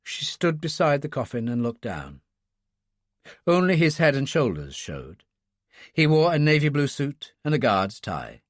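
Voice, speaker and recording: A man narrating a thriller audiobook in a measured, expressive way. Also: medium pitch, no echo, clean studio sound. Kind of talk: scripted narration.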